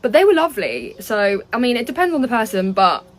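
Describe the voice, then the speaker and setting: Lively young Englishwoman telling a story. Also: a little high, fairly quick, rough recording. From England. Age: 20s. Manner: lively, laughing, animated anecdotes. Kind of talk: casual vlog storytelling.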